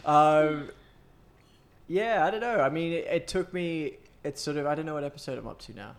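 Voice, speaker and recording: A man's voice: fairly high pitch, moderate pace. A man co-hosting a casual chat, rambling with lots of fillers and restarts. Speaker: podcast co-host.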